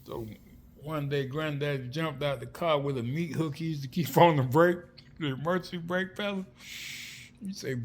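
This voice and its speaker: A man's voice: a little high, moderate pace. A man telling rowdy family stories in casual slang. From South Florida. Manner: animated, slangy, acts out quoted voices. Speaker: vlogger. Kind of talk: casual storytelling monologue. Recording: faint background noise.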